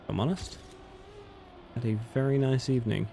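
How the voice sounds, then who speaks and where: A man's voice: medium pitch, a little fast, creaky, a little hiss or hum. A man casually commenting on his live game stream late at night, sleepy and chatty, answering chat as he plays. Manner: relaxed, chatty, reads chat aloud and answers it.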